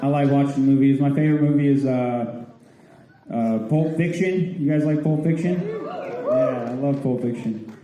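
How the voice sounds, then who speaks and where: A man's voice: on the high side, normal speed, muffled recording, a faint crowd. Laid-back young male stand-up comic. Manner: laid-back stoner storytelling, deadpan punchlines. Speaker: stand-up comedian. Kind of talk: stand-up comedy set. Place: theatre stage with audience. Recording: roomy theatre live recording. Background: audience laughter.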